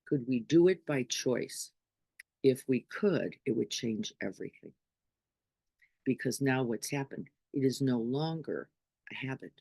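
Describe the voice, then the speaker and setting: A middle-aged woman teaches a group through an informal spiritual talk, speaking conversationally and often checking in with "right?". Her bass voice is expressive, unhurried, creaky, warm and husky, with no room sound.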